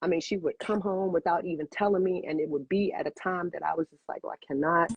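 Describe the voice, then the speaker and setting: A woman's voice: lowish voice, steady tone, fast, slightly rough, no room sound, dull audio. A woman in her fifties, a cigar bar owner, telling a personal story with feeling as an interview guest and repeating phrases for emphasis.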